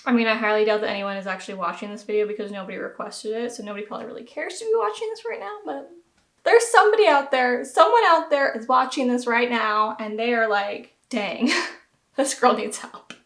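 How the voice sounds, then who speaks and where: A woman's voice: fairly high pitch, lively intonation, quick pace, a bit bright. A young woman with a light Southern accent, chatting casually and self-deprecatingly through a home beauty tutorial. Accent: American Southern. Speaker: beauty vlogger. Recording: roomy echo.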